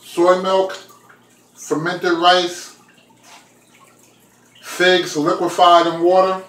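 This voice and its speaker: Laid-back guy vlogging from his kitchen, kinda high voice, takes his time. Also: very slow, reverberant, low-quality recording. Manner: relaxed, chatty, addresses viewers directly. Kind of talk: casual kitchen vlog. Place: home kitchen.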